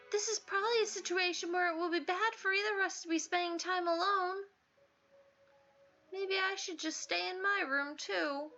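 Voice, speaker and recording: A sweet, naive young woman, voiced by a woman reading a game aloud speaks in a very high, bright, earnest tone. The sound is slightly dull with soft background music. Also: heavily acted. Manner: polite, earnest, worried.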